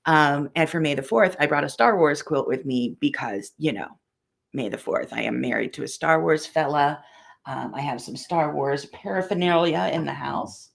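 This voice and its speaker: Low, gravelly woman chatting with viewers. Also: moderate pace. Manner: rambling, chatty, greets viewers by name. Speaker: quilting teacher and live-stream host. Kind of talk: casual live-stream chat.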